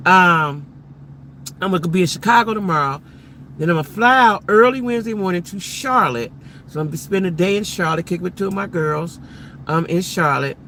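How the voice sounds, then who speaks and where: A middle-aged woman talks loosely and animatedly to her live-stream viewers while sitting in her car. Her voice has a gravelly fry and a bright, forceful edge. A faint hum of background noise runs underneath. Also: on the low side. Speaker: livestream host. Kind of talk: casual live-stream chat.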